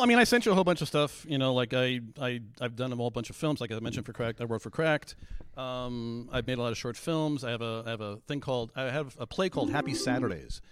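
Male guest, rapid-fire and animated, rambling with restarts; dry, close sound. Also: mid-range voice, clear, resonant tone, dry recording. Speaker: guest on a live stream show. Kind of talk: casual chat.

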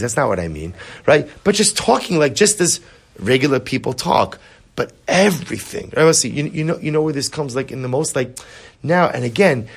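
A man teaching a Chassidic text class, animated, often repeating words and asking his listeners rhetorical questions. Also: on the high side, breathy edge.

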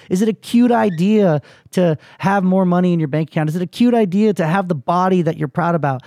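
A man's voice: sits high, a little fast, hardly any pauses, a little mellow, dry recording, clean studio sound. A man hosting a podcast, telling a personal story in an earnest, emphatic way, swearing freely, then pushing his listeners with motivational questions. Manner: rallying, motivational push to listeners. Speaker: podcast host.

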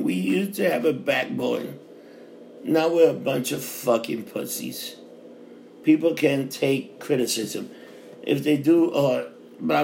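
This is a middle-aged man with a thick New York accent and a gravelly, fairly high voice, hammering away in a profane, repetitive rant. His voice bounces around a roomy space, with faint background noise underneath. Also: darkish tone. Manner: fiery, profane, repetitive ranting. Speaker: bar worker. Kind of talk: ranting monologue.

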